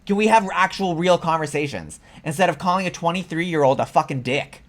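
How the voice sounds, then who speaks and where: A man's voice: a little high, lively intonation, brisk, fairly bright tone. A man hosting a vlog, delivering a heated, profane reaction rant. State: sweaty after ranting. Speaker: political commentary vlogger.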